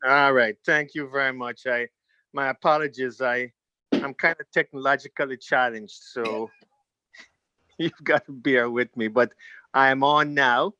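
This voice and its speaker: A man's voice: mid-range voice, fairly even intonation, unhurried, pushed and bright, highs cut off. A man who leads a labor union, giving an earnest, rallying speech over a video call at an online town hall and repeating his key phrases.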